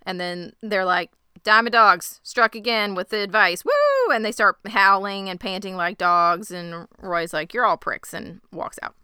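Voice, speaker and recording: A woman's voice: medium pitch, steady tone, moderate pace, few pauses, pushed and bright, clear, resonant tone, no room sound, clean studio sound. A woman co-hosting a casual podcast, retelling scenes enthusiastically and laughing often. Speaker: podcast co-host. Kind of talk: casual recap chat.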